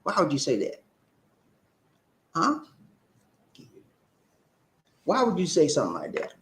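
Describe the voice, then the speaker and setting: Animated man hosting a live stream. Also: on the high side, slow pace, roomy sound. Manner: animated, preacher-like, repeats a shout-out catchphrase. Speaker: live-stream talk show host. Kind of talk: casual live-stream chat, reading viewer comments.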